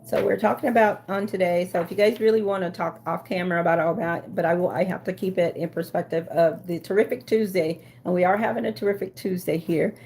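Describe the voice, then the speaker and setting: A woman's voice: lowish voice, fairly even intonation, quick pace, gravelly, hardly any pauses, a little mellow. A woman hosting a casual livestream, reading viewer comments aloud and chatting back with lots of fillers and restarts. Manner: rambling with frequent fillers and restarts. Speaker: livestream host.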